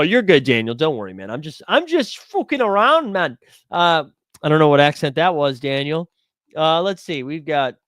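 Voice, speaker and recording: A man's voice: on the high side, fairly bright tone, dry recording, clean studio sound. A young man hosting a live stream, rambling casually and joking with his chat as he searches for something. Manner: rambling, jokey, talks to chat while searching. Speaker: livestream host.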